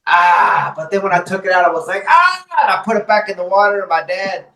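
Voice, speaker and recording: Man, high pitch, folksy animated storytelling, roomy echo. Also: very fast. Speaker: podcast co-host. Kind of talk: casual comedy chat. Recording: roomy echoey sound.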